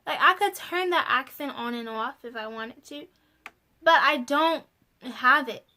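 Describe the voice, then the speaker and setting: A young woman from the United States telling stories to camera in a vlog, animated and exasperated, often laughing. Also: high-pitched, unhurried. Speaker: vlogger. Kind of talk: casual storytelling to camera.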